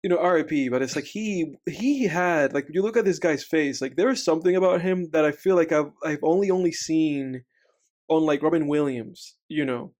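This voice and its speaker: Rambling man with a higher voice. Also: moderate pace, darkish tone. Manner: rambling, full of "like" and restarts, laughs easily. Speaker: podcast co-host. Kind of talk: casual movie commentary chat.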